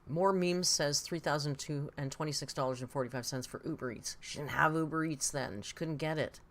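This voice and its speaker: A woman's voice: low-pitched, fairly quick. A woman giving casual, sarcastic reaction commentary, blunt and swearing, answering viewers' comments as she goes. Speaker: commentary YouTuber.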